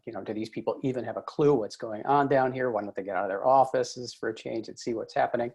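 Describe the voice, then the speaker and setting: A man's voice: medium pitch, gravelly. A man presenting a webinar on workplace conflict, telling stories in a conversational way with many fillers and restarts. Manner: storytelling, frequent fillers and restarts. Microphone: video call mic.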